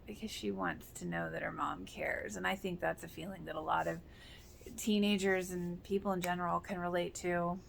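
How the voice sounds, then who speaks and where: A woman's voice: lowish voice, creaky, fairly bright tone. A woman giving casual reaction commentary, earnest and emotional, with many fillers. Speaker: reaction video host.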